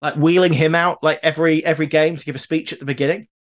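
A man's voice: a little high, steady tone, fast. A man co-hosting a podcast, telling stories with enthusiasm and a few hesitant restarts. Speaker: podcast co-host. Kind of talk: casual chat.

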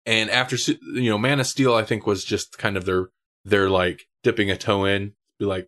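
A man's voice: fairly low pitch, steady tone, moderate pace, fairly bright tone. Opinionated man in casual podcast chat. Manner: opinionated, thinks aloud with restarts. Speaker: podcast co-host.

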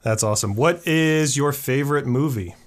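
A man hosting an interview podcast, asking questions in a friendly, relaxed way. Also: mid-range voice, moderate pace. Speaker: podcast host.

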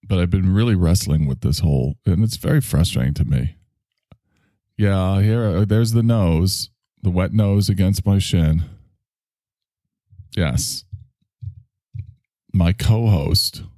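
A man's voice: low voice, slow, pauses often, dark tone, no echo, clean studio sound. A man hosting a solo comedic monologue, rambling in a wry, self-mocking way. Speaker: host.

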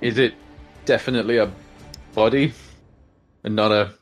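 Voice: mid-range voice, fairly even intonation, normal speed, soft background music. A player at a tabletop game, joking and laughing often. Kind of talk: casual tabletop play.

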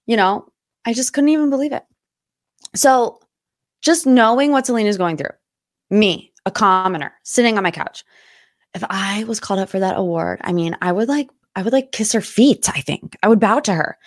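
A woman's voice: mid-range voice, no room sound, clean studio sound. A young adult woman hosting a casual pop culture podcast, chatty and gossipy. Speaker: podcast host.

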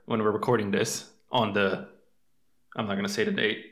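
A man's voice: on the low side, flat delivery, moderate pace, fairly bright tone, roomy sound. A man in his late twenties with an Eastern European accent, not a native English speaker, co-hosting a casual podcast with loose, joking, laugh-filled chat. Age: 20s. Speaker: podcast co-host.

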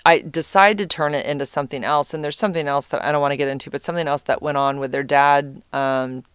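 A woman's voice: low-pitched, fairly even intonation, fast, clear, resonant tone, no room sound. A middle-aged woman telling a personal story in a rambling, easily distracted way, swearing freely. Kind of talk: casual storytelling.

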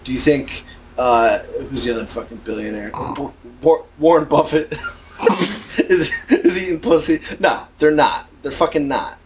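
A man's voice: a little high, measured pace, noisy background. A man co-hosting a podcast, swearing freely and laughing often in crude casual banter. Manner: profane, emphatic, laughs often. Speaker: podcast co-host.

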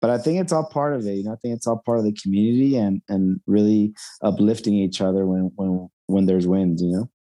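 Mellow, rambling man on a podcast. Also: fairly low pitch, a little fast, hardly any pauses. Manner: rambling, lots of fillers and "you know". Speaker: podcast co-host. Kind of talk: casual chat.

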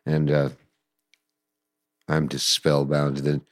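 An older man telling stories in a casual interview, animated and acting out voices and sounds. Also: rumbling low, slow pace, no echo, studio quality. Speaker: guest musician recalling the past.

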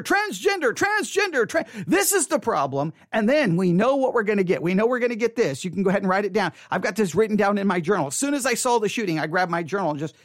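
A man's voice: high-pitched, no room sound, clean studio sound. A man giving an impassioned opinion monologue, mockingly repeating slogans over and over. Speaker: commentator.

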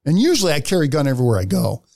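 Blunt, animated male storyteller. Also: on the high side, racing, vocal fry, no echo, clean studio sound. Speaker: podcast co-host. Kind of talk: casual storytelling chat.

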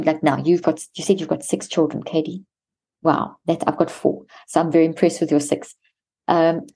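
A woman with a fairly low, mellow voice, guesting on a podcast interview. She explains in an earnest, instructive way, laying out each step with everyday examples. Her tone stays soft and warm rather than bright. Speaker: podcast guest, mental health expert.

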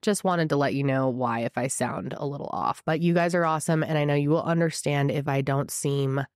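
A young woman with a head cold hosts a true crime show, her low voice scratchy and congested. She tells the case with emphatic, chatty asides and a fired-up indignation. The sound is close and dry. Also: a little fast, dry recording. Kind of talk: true crime storytelling to camera.

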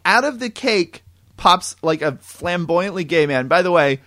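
Guy ranting about a movie plot, kinda high voice, lots of "like", fast and animated. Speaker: podcast co-host. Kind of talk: casual movie review chat.

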